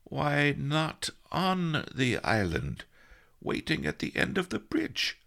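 A man voicing an irritable old male sage who mutters in a high, strained, cracking voice, in an audiobook. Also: wildly swooping pitch, drawn-out words, creaky, pushed and bright, heavily acted. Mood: grumbling. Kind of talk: audiobook character voice.

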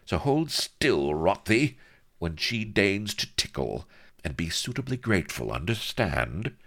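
A man's voice: a bass voice, big pitch swings, takes it slowly, gravelly, heavily acted. A man voicing a plump, domineering, flirtatious noblewoman who talks in a teasing, commanding drawl.

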